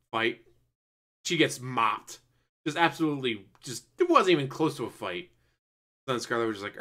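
A man recapping and reviewing a movie in a casual, animated way, swearing now and then and acting out bits of scenes. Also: medium pitch. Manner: animated, acts out scenes in quick mock voices.

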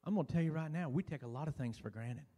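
A man preaching a sermon as pastor in a church, folksy and building to loud preaching with lots of "uh". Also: on the high side, lively intonation, quick pace. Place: church sanctuary. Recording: church hall reverb.

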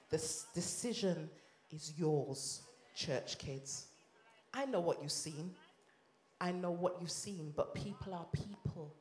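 A woman minister from Leeds, England, with a Yorkshire accent, delivers an impassioned sermon testimony in a church or conference hall. Her lowish voice moves slowly, rising and dropping sharply in volume, and the hall sounds echoey.

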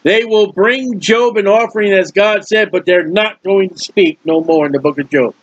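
Speaking at a moderate pace with a voice that sits high, this man preaches from the Bible conversationally and emphatically, leaning on repeated words and folksy asides. It's a dull, dry, lo-fi recording.

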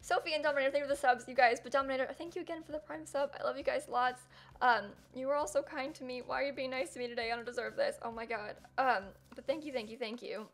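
A woman's voice: sits high, steady tone, quick pace. A young woman streaming live, chatting casually and rambling with lots of fillers as she reads chat and thanks viewers.

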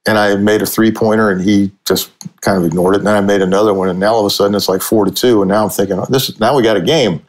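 This guest, a sixty-something sportswriter from Cincinnati, USA, talks fast in a voice on the low side. He tells casual anecdotes in an animated manner, chuckling as he goes.

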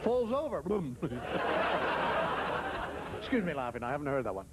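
A man's voice: on the high side, sing-song, normal speed, a loud crowd. A male comedian telling wry stories in a stand-up monologue, mimicking the way other people talk. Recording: old TV recording with audience laughter and hiss.

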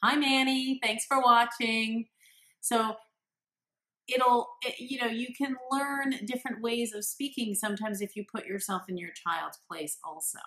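Bright-voiced lady coach giving parenting tips to the camera, earnest and encouraging. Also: on the high side, measured pace. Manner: acts out the quotes she gives. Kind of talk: direct-to-camera advice talk.

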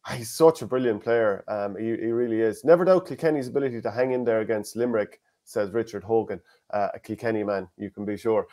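An Irish man hosting a casual sports chat, reading out listener comments and giving his own views. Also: fairly low pitch. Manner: fast, animated, reads listener comments aloud. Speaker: podcast host.

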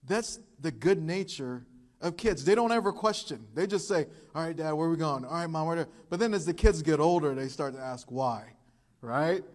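A man preaching a sermon as pastor, telling stories in an animated way and acting out the quotes. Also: fairly high pitch. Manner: animated storytelling with acted quotes. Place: church.

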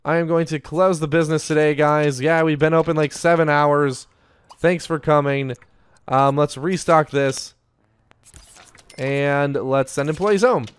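A chatty young man narrates his gameplay in an upbeat, casual way and keeps turning to his viewers. His voice sits a little high and sounds smooth and clear. The recording is close and dry, with no room sound at all. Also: fairly even intonation, a little slow, dry recording. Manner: chatty, upbeat, talks to viewers as "you guys". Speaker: gaming YouTuber. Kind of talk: casual Let's Play commentary.

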